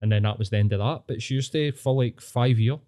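Scottish man, podcast host, blunt storyteller, mellow voice. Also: mid-range voice, quick pace. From Scotland. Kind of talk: casual chat.

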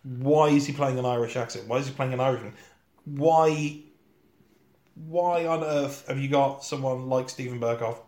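A man's voice: mid-range voice, normal speed, darkish tone. A man, co-hosting a film podcast and ranting in exasperation. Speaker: podcast co-host. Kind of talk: casual film review chat. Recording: echoey room.

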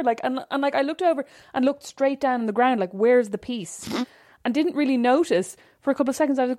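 A woman's voice: fairly high pitch, fast talker, a little mellow. A young woman, chatting casually as a podcast co-host and telling a story, acting out the quotes with lots of life. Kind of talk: casual chat.

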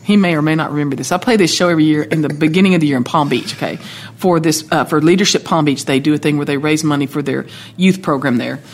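A woman telling stories in a lively, talkative way as a country music guest in a casual chat. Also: low-pitched, fast talker, a little hiss or hum. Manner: lively, talkative, animated storyteller.

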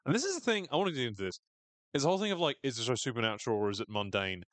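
With a sing-song, medium-pitched voice and rapid-fire delivery, a man co-hosts a podcast recap of a show. The chat is casual, full of sardonic jokes and free swearing, and there's no echo.

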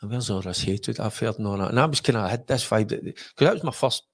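A middle-aged Scottish man in casual conversation, his voice sitting fairly low. He tells stories with lots of restarts and acts out the voices of the people he quotes. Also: quick pace. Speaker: former footballer, guest. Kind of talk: casual anecdotal chat.

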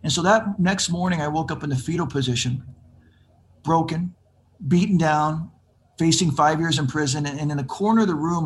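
A man in his fifties with a slightly raised pitch tells his story in a lively conversational way. He slips into the voices of the people he quotes. A faint hiss of noise sits behind him. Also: moderate pace. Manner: animated, acts out quoted voices. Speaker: guest telling his recovery story.

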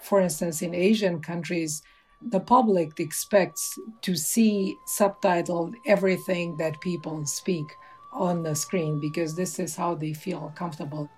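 A woman, a subtitling company executive, explaining things in a measured way in an interview. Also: lowish voice, steady tone, a little mellow, soft background music.

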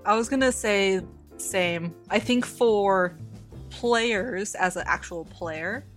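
A woman's voice: mid-range voice, slow pace, faint music behind. A woman in casual podcast chat, laid-back and wry. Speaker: podcast player.

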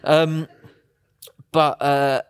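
A man, co-hosting a podcast in casual chat, telling animated stories. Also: a little high, drawn-out words, clear, resonant tone, no room sound, clean studio sound. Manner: animated storytelling, acts out voices. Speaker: podcast co-host.

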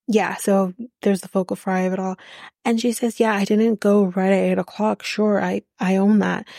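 A young woman hosts a podcast, talking casually and bluntly, swearing freely and sounding exasperated as she recaps. Her voice is warm and mellow. The sound is dry and close. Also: medium pitch, gravelly, no echo. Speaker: podcast host recapping a reality show. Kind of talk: casual chat.

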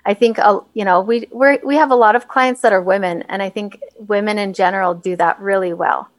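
A woman's voice: mid-range voice, steady tone, brisk, dry recording. A woman in a mid-range voice talks through stress relief on a casual podcast. She is chatty and laughs easily. The mic is close and the sound is dry, with no room around it. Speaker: podcast co-host, health coach.

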